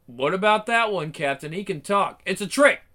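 A man's voice: high voice, lively intonation, moderate pace, bright, forceful tone. A man voicing a stern, hot-headed soldier captain in a one-man game fan dub. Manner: curt, barking orders.

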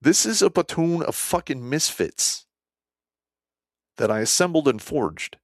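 Recorded dry and close, a blunt, foul-mouthed former soldier recounts a war story casually, his telling lurching from loud bursts to quiet asides. He talks a little slowly.

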